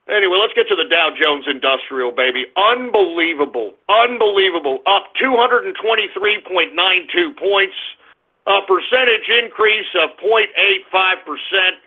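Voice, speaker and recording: A man hosting a talk radio show, brash and profane, swinging from loud shouts to low mutters. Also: animated, moderate pace. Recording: phone-like narrow band.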